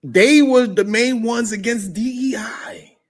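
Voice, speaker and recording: A man's voice: extremely high pitch, slow. A man hosting a casual morning livestream, greeting viewers and laughing often. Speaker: morning show host.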